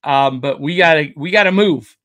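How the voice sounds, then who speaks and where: A man's voice: fairly high pitch, normal speed, fairly bright tone. A man hosting a pop culture podcast, with jokey, upbeat showman patter. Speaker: podcast host. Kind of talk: casual podcast chat.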